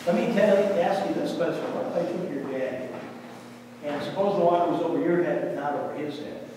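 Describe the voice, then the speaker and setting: A man gives a children's sermon in a fairly high voice, quizzing the children with quick questions and answering them himself. He is heard from across a big, reverberant church hall, with steady noise underneath. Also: recorded from a distance. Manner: closes in prayer. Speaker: pastor.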